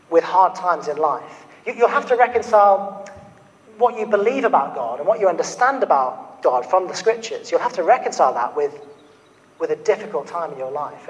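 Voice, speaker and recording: A man's voice: high voice, highs cut off. A man preaching a sermon, earnestly putting questions to his listeners. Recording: reverberant hall.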